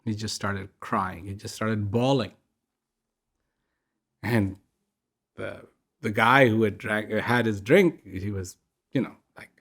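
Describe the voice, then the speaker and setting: An older man giving a reflective broadcast talk, unhurried and conversational, with asides and soft laughs while he tells a joke. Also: lowish voice, animated.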